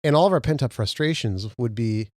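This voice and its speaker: A man from Minnesota holds forth on a casual podcast, rambling from one story to the next and boasting as he goes. His voice sits at an ordinary pitch, and the recording is close and dry, with no room sound. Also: lively intonation, a little fast, darkish tone, no room sound. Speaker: podcast co-host.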